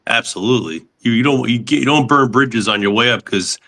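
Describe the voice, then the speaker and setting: A man in a casual podcast conversation, giving calm, matter-of-fact advice. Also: medium pitch, brisk.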